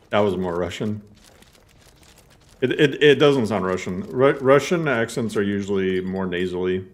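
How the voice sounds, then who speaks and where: A man's voice: on the low side, animated, normal speed. A young man streaming a game, chatting casually and swearing a lot as he argues with his chat. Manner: profane, chatty, arguing with chat. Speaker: gaming streamer. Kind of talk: casual live-play chat.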